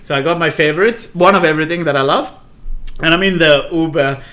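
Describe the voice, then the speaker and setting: A man's voice: on the high side, a little fast, sharp tone. A man telling a story in a casual podcast chat, swearing freely and laughing hard at his own tale. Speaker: podcast co-host.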